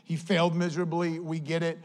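A man preaching a sermon as pastor, emphatic and repetitive, swinging between loud declarations and hushed, earnest passages. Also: fairly high pitch, completely flat delivery, fairly quick. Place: church.

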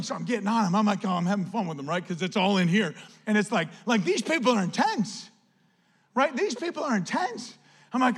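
Animated high-voiced male pastor. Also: quick pace, slightly rough. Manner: animated, chatty, lots of "like" and acted-out quotes. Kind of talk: sermon with storytelling.

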